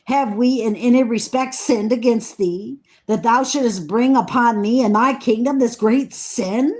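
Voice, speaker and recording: A woman slowly reading scripture aloud, earnest, stumbling over hard names and adding eager comments of her own. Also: fairly high pitch. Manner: excited asides about the text. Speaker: Bible reader.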